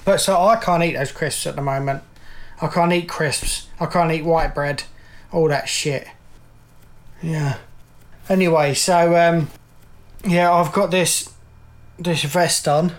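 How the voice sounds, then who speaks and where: A man's voice: on the high side, fairly even intonation, takes it slowly, long pauses. A middle-aged man co-hosting a podcast, chatting casually, rambling and laughing often. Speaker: podcast co-host. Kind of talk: casual chat.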